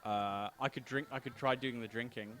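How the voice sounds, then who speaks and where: A man's voice: mid-range voice, fairly even intonation, moderate pace, fairly bright tone. A man hosting a let's play, thinking aloud and commenting casually while he plays, often laughing. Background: game music.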